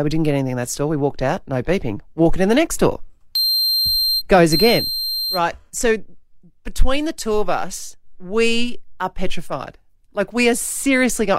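Australian radio host, middle-aged woman, lively and laughing, close dry studio mic. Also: lowish voice, no echo. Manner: animated, self-mocking, laughing often. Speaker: radio breakfast show host. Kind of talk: casual radio chat, storytelling.

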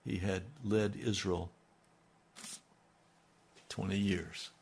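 An older man preaching on the radio as a pastor, earnest and reflective, his voice sinking low at the ends of thoughts. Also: fairly even intonation, vocal fry, a little mellow, slight background noise. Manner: slow, earnest, dropping to near-murmurs. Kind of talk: radio sermon.

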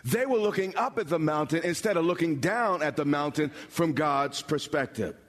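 A pastor preaching a sermon, building from explanation to bold, emphatic calls with dramatic pauses. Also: male voice, on the high side. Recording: long hall reverb.

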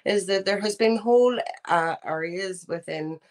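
A middle-aged woman with a Belfast accent, speaking earnestly as an interview guest, often pausing with "um" and restarting her sentences. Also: mid-range voice. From Northern Ireland. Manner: earnest, hesitant, many ums and restarts. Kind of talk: remote interview.

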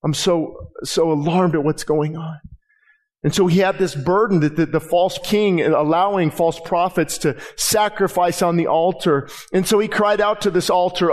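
A man preaching a sermon as pastor, impassioned, with frequent restarts and rising emphasis. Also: high-pitched. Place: church sanctuary.

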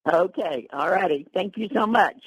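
A woman's voice: on the low side, moderate pace, breathy edge, no echo, low-quality recording. A woman calling in to a radio show, asking a question hesitantly with many fillers. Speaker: caller.

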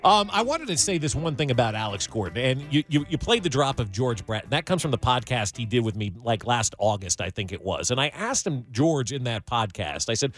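A man's voice: medium pitch, big pitch swings, a little fast, few pauses, a bit bright, no echo. Talkative sports radio host, man.

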